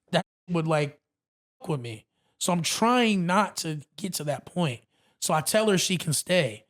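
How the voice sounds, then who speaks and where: A man guest on a podcast, telling a story in a casual, animated way and acting out what others said. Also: high-pitched. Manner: animated, acts out quotes, says bro a lot.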